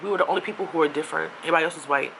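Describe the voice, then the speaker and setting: A woman's voice: low voice, rapid-fire, gravelly, a bit bright, slight background noise. A young woman from Queens in New City, telling a rambling storytime with lots of asides. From New York City (Queens). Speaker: vlogger.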